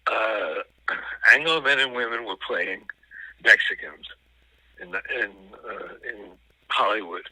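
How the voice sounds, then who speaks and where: A man talking as a film critic guest in a casual film discussion, thoughtful and analytical, pausing often to find his words. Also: fairly low pitch, pushed and bright, dry recording, poor audio.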